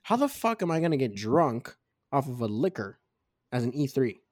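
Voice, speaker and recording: A man in his twenties on a casual podcast, telling a rambling, profanity-heavy story about his military days, with tipsy, animated storytelling. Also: mid-range voice, normal speed, dry recording. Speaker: podcast co-host. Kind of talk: casual drunk storytelling chat.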